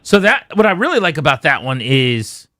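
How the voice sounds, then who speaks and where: Man, sports radio host, casual chat, restarts, bright voice. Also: on the high side, big pitch swings, normal speed, no echo, studio quality. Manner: chatty, self-interrupting. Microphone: studio microphone.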